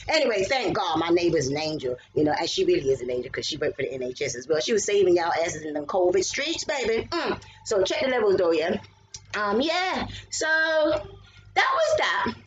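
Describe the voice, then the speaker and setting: A middle-aged woman with a British accent, telling a personal story in a lively way, swearing and breaking into shouts. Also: on the low side, a little fast, dull audio, slight background noise. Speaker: vlogger.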